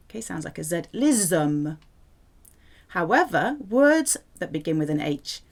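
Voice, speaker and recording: A woman teaching a French language lesson, clear and playful as she explains vocabulary. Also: medium pitch. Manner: lively, clear teaching delivery with playful asides.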